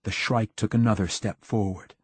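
A man narrating an audiobook with a measured, dramatic reading. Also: on the low side, steady tone, slightly rough, dry recording. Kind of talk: scripted narration.

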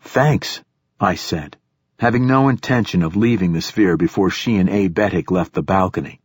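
A man narrating a first-person audiobook in a measured, even way. His voice is low and a little husky. The recording is close and dry, with no room sound. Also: dry recording.

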